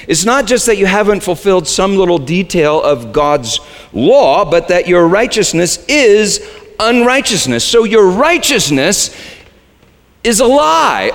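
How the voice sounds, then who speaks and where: A man preaching a sermon as the pastor, shifting between quiet low asides and sudden high, shouted lines. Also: long reverb tail.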